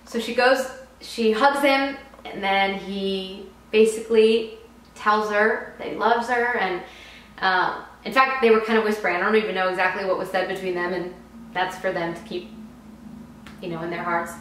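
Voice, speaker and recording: A young woman tells a casual storytime to her viewers with chatty, excited energy and frequent laughs. Her voice sits at an ordinary middle pitch. The recording rings with heavy room echo. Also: moderate pace. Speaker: vlogger. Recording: very echoey room.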